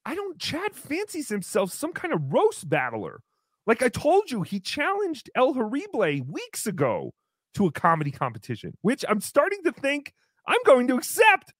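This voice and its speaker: Sarcastic, lively-voiced woman host. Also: on the high side, moderate pace, dry recording, clean studio sound. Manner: sarcastic, theatrical, slips into mocking voices. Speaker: podcast host. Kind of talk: mocking commentary on a roast.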